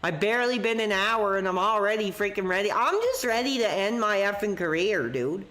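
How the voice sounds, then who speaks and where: A man's voice: high voice, lively intonation, bright, forceful tone, echoey room. A sick male streamer hosting a live call-in show, agitated and ranting. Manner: agitated, ranting, quick to curse. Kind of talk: livestream rant and call-in chat.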